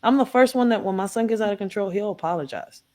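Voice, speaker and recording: Animated middle-aged woman telling a story. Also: mid-range voice, fast. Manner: animated, acts out quotes in raised voice. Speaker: guest on a live talk stream. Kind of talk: casual heated chat, storytelling.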